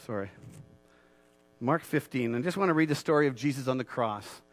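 A man preaching a sermon as pastor, moving from quiet earnest talk to loud, fervent declarations and repeating phrases for emphasis. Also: mid-range voice, lively intonation, fairly quick.

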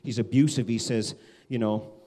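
Animated man preaching a sermon. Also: normal speed. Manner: animated, conversational, acts out quotes with big pitch swings. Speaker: pastor.

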